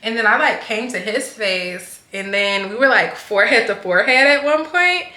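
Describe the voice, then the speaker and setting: A woman's voice: on the high side, expressive, normal speed, bright, forceful tone. A young woman telling a casual storytime, chatty and rambling, filling her talk with "like". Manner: chatty, rambling, heavy use of "like". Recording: echoey room.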